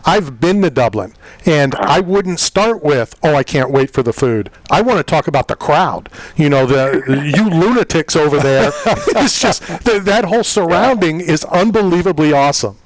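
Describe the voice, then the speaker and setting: A man's voice: on the high side, animated, moderate pace, rough recording. A man hosting a combat sports radio show, asking questions in a chatty, rambling way with many fillers. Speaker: talk radio host. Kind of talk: casual radio interview.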